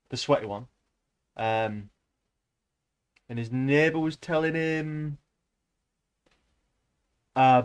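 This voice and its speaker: A man's voice: mid-range voice, clear, resonant tone. A man streaming a casual read-aloud of a novel, breaking off into rambling, joking asides between passages.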